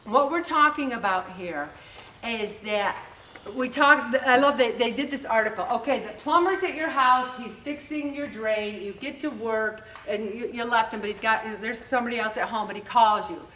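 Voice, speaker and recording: A woman leading a group meeting, telling stories in a chatty, animated way. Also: fairly high pitch, normal speed, a little hiss or hum. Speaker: group leader giving a talk. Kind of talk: motivational talk to a group. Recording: echoey room, voice from a distance.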